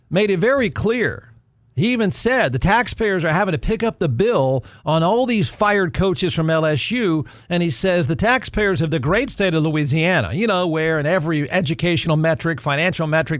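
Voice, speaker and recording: Male podcast host, middle-aged, sarcastic sports commentary, high voice, dry close sound. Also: a bit bright, dry recording. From Texas. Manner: snarky, sarcastic.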